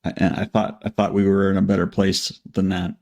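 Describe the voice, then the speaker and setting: A man with a low voice explains his point firmly. He corrects the other guest plainly and without hedging. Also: flat delivery, fairly quick, gravelly, a little mellow. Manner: firm, explanatory. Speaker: panel participant.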